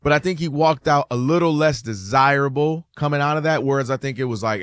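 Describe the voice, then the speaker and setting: A man hosting a sports talk show, arguing his point in casual debate and acting out quoted fans and players in a higher voice. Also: a little fast, hardly any pauses, a bit bright, dry recording, clean studio sound.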